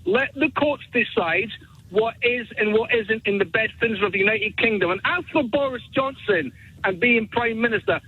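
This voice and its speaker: High, gravelly man on a tinny phone line. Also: normal speed. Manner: indignant, formally polite, emphatic. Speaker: caller. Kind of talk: radio phone-in call.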